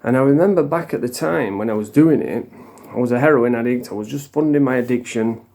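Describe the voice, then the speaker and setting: Ranting British man, dark-toned voice. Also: medium pitch, fairly quick, vocal fry. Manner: rambling, heated and profane. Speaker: vlogger in addiction recovery. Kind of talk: casual monologue to camera.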